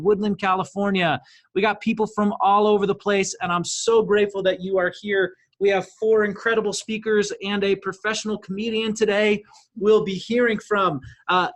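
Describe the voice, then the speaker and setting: Male host with a high voice for a live video-call speaker series, upbeat and sincere. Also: a bit bright. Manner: enthusiastic, then emotional during tribute. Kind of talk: live online event hosting.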